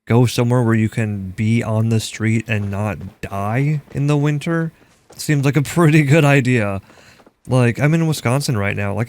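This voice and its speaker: A man's voice: medium pitch, a little mellow. A young man from Minnesota chatting casually while playing a game, rambling and filling his talk with "like". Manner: rambling, heavy use of "like". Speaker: gaming streamer. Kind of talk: casual chat while gaming.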